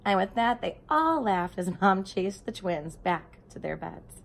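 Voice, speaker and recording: A woman reading a storybook aloud and then talking tenderly to her grieving nephews, often dropping into a soft whisper. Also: medium pitch, sing-song, a little slow, creaky. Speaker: aunt speaking to grieving nephews.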